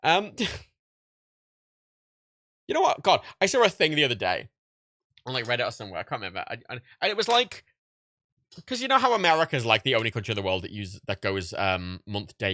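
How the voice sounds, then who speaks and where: A man's voice: on the low side, very animated, fairly quick, pauses often, bright, forceful tone, no room sound. A young man, tired and rambling, swearing and laughing at himself on a casual livestream. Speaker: livestream host.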